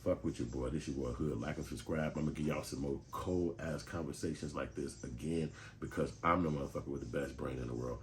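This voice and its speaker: A man from talks in a low, deep voice, delivering blunt, streetwise commentary full of profanity. A quiet hiss sits faintly under his voice. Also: brisk, hardly any pauses. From Chicago. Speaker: commentary channel host.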